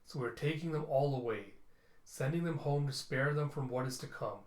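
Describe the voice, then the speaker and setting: A man voicing a cold, imperious machine overlord that speaks in a flat, menacing, commanding way, read aloud from a comic in a roomy-sounding room. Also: medium pitch, normal speed, natural voice. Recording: roomy echo.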